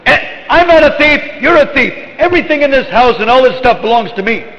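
A man's voice: very high voice, expressive, fairly quick, bright, forceful tone, voice pushed up, heavily acted. A man voicing a mischievous little boy who makes playful, indignant retorts. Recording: echoey hall, dull lo-fi sound.

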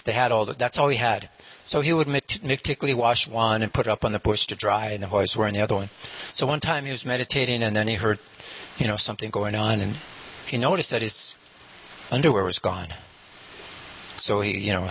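A man's voice: lowish voice, fairly quick, a little hiss or hum. A man casually retelling a parable, rambling with many fillers and acting out the characters' lines. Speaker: storyteller. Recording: muffled lo-fi recording.

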